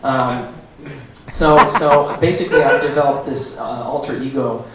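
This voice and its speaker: A man in his thirties from Illinois doing a stand-up set, rambling and self-deprecating with halting fillers, recorded in a roomy club from far off with an audience. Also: medium pitch, fairly even intonation, heavy background noise. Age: 30s. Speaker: stand-up comedian. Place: small comedy club stage.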